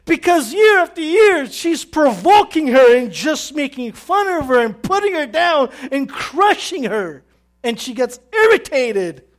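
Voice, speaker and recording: A woman preaching with animated, conversational energy. She keeps asking her congregation questions as she goes. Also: sits high, measured pace. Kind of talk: sermon.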